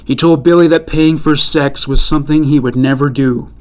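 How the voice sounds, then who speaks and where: Man narrating true crime, measured. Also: a little high, steady tone.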